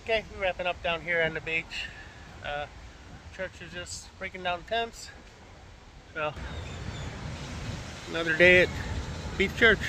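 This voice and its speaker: A man's voice: high voice, a little slow, pauses often, noisy background. An older man vlogging outdoors while he walks, rambling and heartfelt, with plenty of fillers. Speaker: missionary vlogger. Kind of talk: emotional casual vlog. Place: outdoors on a beach.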